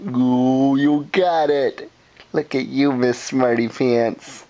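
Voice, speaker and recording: A woman's voice: a bass voice, fairly even intonation, slow pace, dark tone. A young woman, a parent at home, chatting playfully with her toddler in a sing-song, coaxing way, laughing often, filmed on a home video camera.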